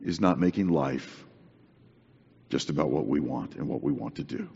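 A man's voice: very deep voice, normal speed, gravelly, darkish tone, slightly rough. Man preaching in a reverberant hall. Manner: earnest, conversational, emphatic repetition. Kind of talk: sermon. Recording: dull recording with long hall reverb.

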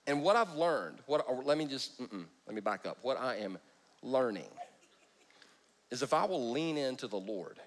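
A man's voice: mid-range voice, expressive, normal speed. A man preaching a sermon in church, joking and breaking off his own sentences. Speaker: pastor.

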